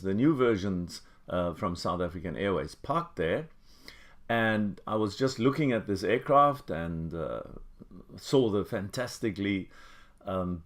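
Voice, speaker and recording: An older man from Germany, hosting and telling a personal story in a relaxed, reminiscing way with pauses and fillers. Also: fairly low pitch. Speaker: host. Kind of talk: casual storytelling to camera.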